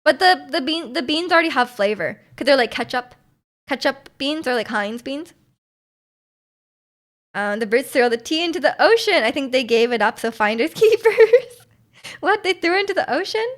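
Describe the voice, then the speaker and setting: A young woman streamer with a high, expressive, slightly bright voice chats casually with her viewers at a normal speed. She giggles and rambles while answering their chat messages, sometimes trailing off into mumbles.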